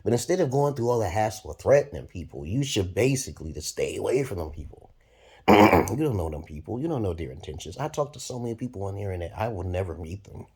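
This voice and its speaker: A man in his forties from Brooklyn, New York, giving a profane, rambling monologue to camera with sudden loud jumps. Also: on the low side, slightly rough. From Brooklyn, New York, USA. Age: 40s. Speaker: vlogger.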